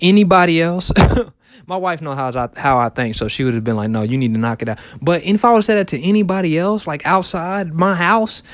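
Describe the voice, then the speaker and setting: A man's voice: high-pitched, normal speed, no room sound. A man in his thirties talking casually to his viewers in a loose, repetitive way, full of fillers and restarts. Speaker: vlogger and shoe reseller. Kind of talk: casual motivational talk to camera.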